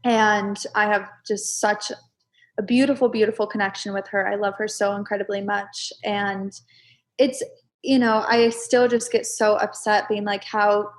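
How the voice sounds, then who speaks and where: A young adult woman talking openly and emotionally as a guest in a casual chat, breaking into animated exclamations. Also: mid-range voice, moderate pace.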